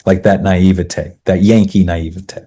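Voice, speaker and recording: Deep, husky-voiced man telling a story. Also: a little slow. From Maine, USA. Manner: relaxed, vivid storytelling with frequent restarts and asides. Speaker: podcast guest. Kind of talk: storytelling in a conversational interview.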